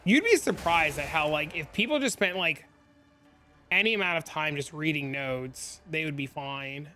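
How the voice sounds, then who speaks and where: Young male streamer, rambling exasperated chatter, bright tone. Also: fairly high pitch, expressive, moderate pace. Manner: rambling, heavy use of "like", exasperated venting. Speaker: game streamer. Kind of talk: casual live-stream chat.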